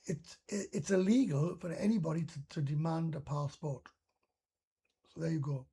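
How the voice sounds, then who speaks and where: A man's voice: on the high side, moderate pace, gravelly, dark tone, slightly rough. A Welsh man hosting a casual live stream, reading viewer comments aloud and answering them bluntly, swearing freely and often restarting his sentences. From Wales.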